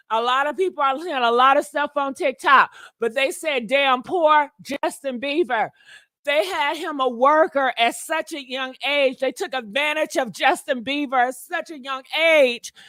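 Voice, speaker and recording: A woman hosting a gossip channel, talking loud and sassy with plenty of profanity, calling her viewers girl and honey. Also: high-pitched, no room sound, studio quality. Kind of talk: casual gossip commentary.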